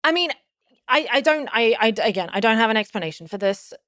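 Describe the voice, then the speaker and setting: A woman's voice: fairly high pitch, expressive, quick pace, fairly bright tone, no echo, studio quality. A woman as a podcast guest, telling a personal story casually, rambling with many fillers and restarts.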